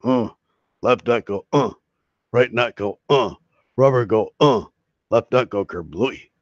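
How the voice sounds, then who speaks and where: A man voicing a male patient in a spoken joke, talking in halting, broken phrases with grunts between them. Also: medium pitch, no room sound, close to an everyday voice. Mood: deadpan. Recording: dull lo-fi stream audio.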